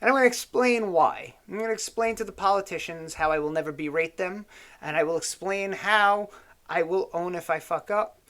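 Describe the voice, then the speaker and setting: A man hosting a casual political chat, tipsy on whiskey, rambling and swearing as he tells animated stories. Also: high-pitched, moderate pace. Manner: rambling, profane, animated storytelling. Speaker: show host.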